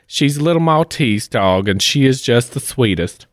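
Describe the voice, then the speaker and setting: Animated, chatty man with a lively pitch. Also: moderate pace, no room sound, studio quality. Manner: animated, chatty, self-mocking. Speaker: podcast co-host. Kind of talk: casual chat while taste-testing candy. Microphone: studio microphone.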